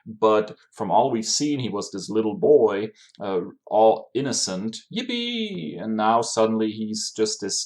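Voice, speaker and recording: A man's voice: fairly low pitch, a little mellow. A man co-hosting a podcast, agreeing and building on points in a casual way with small hesitations. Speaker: podcast co-host. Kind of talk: casual film discussion.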